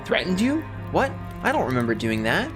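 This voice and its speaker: Brief: a man playing a scared, whiny young woman in a game read, high and jumpy. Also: huge pitch swings, normal speed, over music. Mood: flustered. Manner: panicky, pleading, whiny. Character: frightened pleading young woman.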